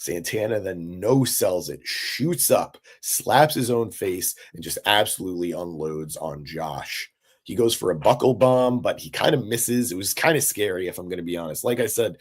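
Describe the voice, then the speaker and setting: Low-voiced man hosting a live recap. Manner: casual, enthusiastic, answers chat, frequent fillers. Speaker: wrestling recap host. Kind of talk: live-stream recap commentary.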